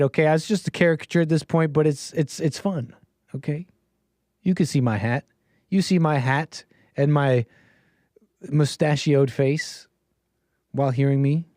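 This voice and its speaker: With a fairly high, darkish voice, this man hosts a call-in livestream and rambles playfully with his audience, addressing the chat directly. The recording is studio quality, free of room sound.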